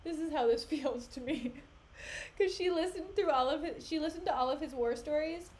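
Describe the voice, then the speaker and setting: A woman streamer casually retelling a play in a chatty, animated way. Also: high-pitched, moderate pace. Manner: animated, chatty, laughs often.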